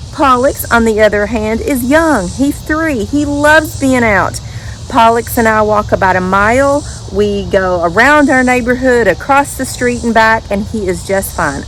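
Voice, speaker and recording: A woman's voice: mid-range voice, slight background noise, low-quality recording. A woman chatting casually to camera as a vlogger, outdoors at home. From Western Kentucky. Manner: chatty, talks to her dogs in a sing-song voice.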